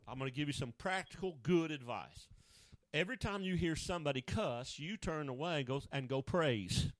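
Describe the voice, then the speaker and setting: Lively folksy preacher man. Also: fairly high pitch, normal speed, no room sound. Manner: down-home storytelling, colloquial grammar. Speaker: pastor. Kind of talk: folksy radio sermon.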